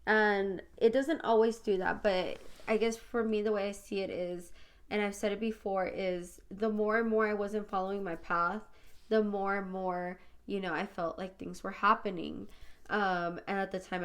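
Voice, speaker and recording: An adult woman, mother of school-age children, hosts a personal spiritual podcast in a mid-range voice with little pitch movement at normal speed. She talks reflectively and confessionally, peppering her speech with "you know" and "like" and addressing listeners as "you guys."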